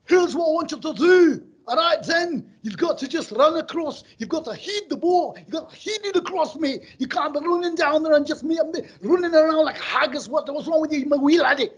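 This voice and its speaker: A man voicing a blustering Scottish male football coach who shouts orders at his players in a thick Scottish accent. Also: very high voice, lively intonation, fairly quick, few pauses, pitched above the performer's own voice. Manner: bellowing, thick brogue.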